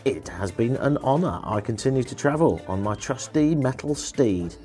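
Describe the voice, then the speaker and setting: A man's voice: mid-range voice, expressive, dark tone, soft background music. A man hosting a travel podcast while walking through an outdoor street market, chatting with wry, rambling asides. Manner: rambling, wry asides and quick self-corrections.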